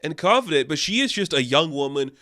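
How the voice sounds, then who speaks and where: A man's voice: on the high side, expressive, a little fast, bright, forceful tone. Chatty, enthusiastic man reviewing films. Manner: enthusiastic, chatty, with frequent fillers and restarts. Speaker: film reviewer. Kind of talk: casual film review talk.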